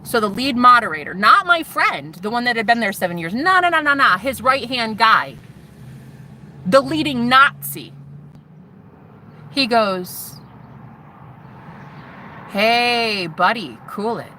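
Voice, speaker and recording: A woman's voice: fairly high pitch, big pitch swings, a little slow, long pauses, sharp tone, a little hiss or hum. A woman vlogger telling a story, sassy and profane, acting out the voices of other people. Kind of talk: animated storytelling monologue.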